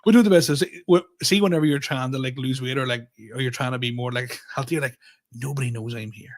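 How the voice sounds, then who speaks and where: A man with a Tyrone accent in casual podcast chat. He spins animated anecdotes, slips into the voices of the people in them and laughs often. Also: mid-range voice, quick pace. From Middle East. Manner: animated storytelling, acting out quoted dialogue, laughing often. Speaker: podcast co-host, comedian.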